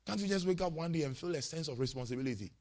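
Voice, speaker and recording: A man's voice: fairly high pitch, expressive, racing, darkish tone. A male pastor preaching a sermon, emphatic and repetitive, often checking in with his congregation.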